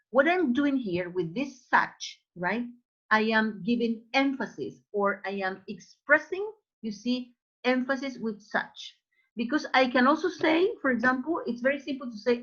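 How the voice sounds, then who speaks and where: Woman teacher explaining grammar, lo-fi. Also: on the high side. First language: Spanish. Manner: explanatory, with many "you know" and "right?" checks. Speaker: English teacher. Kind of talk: online class explanation. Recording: slightly dull, lo-fi online class audio.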